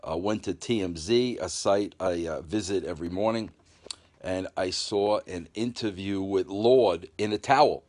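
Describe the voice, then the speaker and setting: A man's voice: low-pitched, normal speed, darkish tone. A man chatting casually on a live phone stream from home, rambling with fillers and reading out viewer comments. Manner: loose, rambling talk with "bro" and many fillers; reads viewer comments aloud and replies. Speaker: livestream host. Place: at home, just out of the shower.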